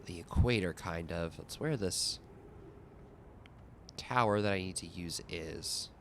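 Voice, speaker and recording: A man's voice: low-pitched, takes it slowly, a bit bright, a little hiss or hum. A young man casually talking through his gameplay, thinking aloud with lots of fillers. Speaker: gaming video host.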